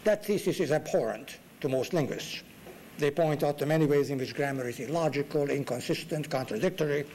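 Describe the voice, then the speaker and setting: A man's voice: fairly high pitch, darkish tone, a little hiss or hum, rough recording. A man giving a classroom lecture as guest lecturer in a university lecture room, with dry wit and emphatic rises.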